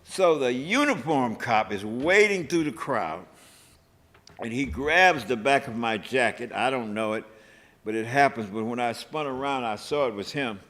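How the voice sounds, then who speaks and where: An older man spins a story with a lively, chuckling delivery, throwing himself into the shouted bits. His voice sits in a middle register. The sound carries the long echo of a large hall. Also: mid-range voice, unhurried. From United States. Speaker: activist recounting history. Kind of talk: animated storytelling talk. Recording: echoey hall.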